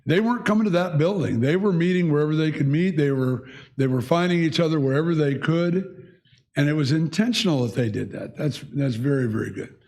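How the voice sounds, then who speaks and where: A man's voice: fairly high pitch, animated, fairly quick, darkish tone. A man teaching a church Bible class, talking conversationally and asking the group questions. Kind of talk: leading a church class discussion.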